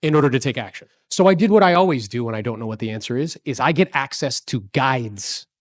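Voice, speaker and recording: A man's voice: mid-range voice, fast talker, dry recording. Upbeat man in his forties, storytelling speaker who quizzes the crowd, dry close mic. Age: 40s. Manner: energetic, storytelling, asks the audience questions. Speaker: real estate speaker. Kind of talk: motivational talk to a live audience.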